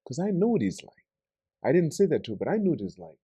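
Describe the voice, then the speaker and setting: A middle-aged man hosting a podcast interview, chatty and animated, cutting in with his own stories. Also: fairly high pitch, quick pace, husky, dry recording. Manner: animated, interjects and tells anecdotes. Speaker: podcast host. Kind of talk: conversational interview.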